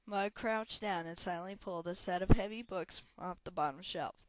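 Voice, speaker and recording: A woman reading a fantasy novel aloud with steady, even storytelling. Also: on the low side, moderate pace, slight background noise, rough recording. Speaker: audiobook reader.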